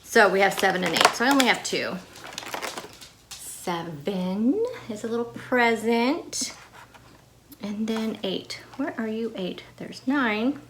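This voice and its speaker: A woman's voice: mid-range voice, background noise. A woman talking casually to her camera in a vlog, chatty and rambling, with fillers and restarts. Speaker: vlogger.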